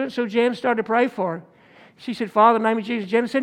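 A man preaches, his voice sitting notably high for a man. He spins homespun stories into his sermon and draws amens from the congregation as he goes. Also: fast, a bit bright. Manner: preaching with folksy stories and call-and-response. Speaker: pastor.

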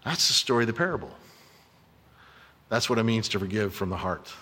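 A man's voice: fairly low pitch, animated, fairly quick, bright, forceful tone, breathy edge, in a large hall. A man preaching a sermon as a pastor, telling a story earnestly and emphatically to his congregation. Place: church sanctuary.

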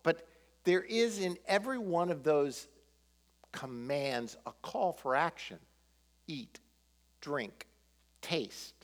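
A male pastor preaching a sermon, animated, throwing rhetorical questions at the congregation. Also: a little high, measured pace, in a large hall.

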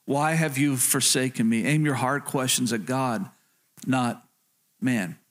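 A man's voice: medium pitch, slow pace. A man preaching a sermon as a pastor in a church, talking straight to the listeners, asking "can I tell you" and repeating his key phrases.

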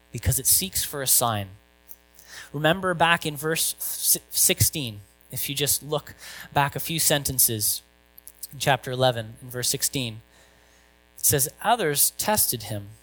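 A man's voice: a little high, a bit bright, rough recording. A male pastor giving a conversational sermon, asking rhetorical questions and reading scripture.

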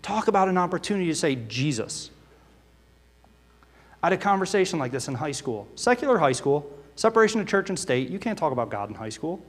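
A pastor preaches an earnest sermon full of rhetorical questions, reading scripture aloud between his own remarks. His high-pitched, sing-song voice moves fast with hardly any pauses, and a large hall's long reverb surrounds it.

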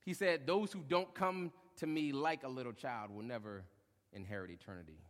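A young adult male pastor preaching a sermon, lively, acting out short quotes and joking with the congregation. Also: mid-range voice, moderate pace. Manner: animated, acts out short quotes, jokes with congregation. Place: church hall. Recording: long hall reverb.

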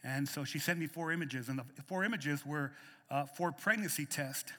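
A man's voice: a little high, moderate pace, fairly bright tone, big-room sound. A middle-aged male pastor preaching a sermon in a church, emphatic and repeating words as he starts phrases. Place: church sanctuary.

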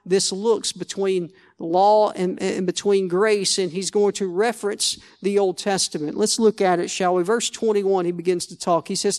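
Pastor guy preaching, high voice, chatty, keeps restarting lines. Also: steady tone, normal speed, few pauses, a little mellow. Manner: conversational preaching, repeats and restarts phrases, asks "Amen?". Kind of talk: sermon.

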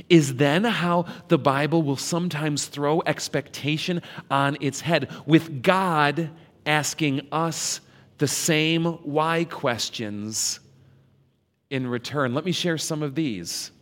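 Slow-spoken man in a reverberant hall. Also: on the high side. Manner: slow, dramatic reading of scripture questions. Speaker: preacher. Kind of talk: reflective devotional talk.

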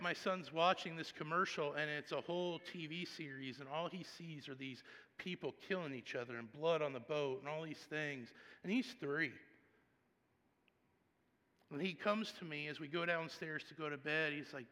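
A pastor with a fairly high, bright, forceful voice, preaching in a conversational, storytelling way. He swings from hushed asides to loud bursts. His words ring out with a long reverb in a large church sanctuary. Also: moderate pace. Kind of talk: sermon.

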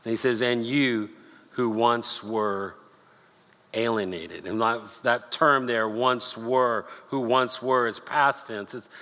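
A man's voice: medium pitch, bright, forceful tone. Earnest preacher man in a reverberant church. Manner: earnest, repeats words, slows for scripture reading. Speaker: pastor. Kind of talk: sermon. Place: church sanctuary. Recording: long hall reverb.

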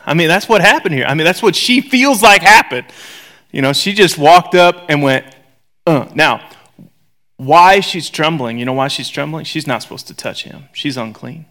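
A man preaching a sermon in a conversational, joking way, swinging from loud to hushed whispers. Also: a little high, animated, moderate pace. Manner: conversational, joking, acts out voices.

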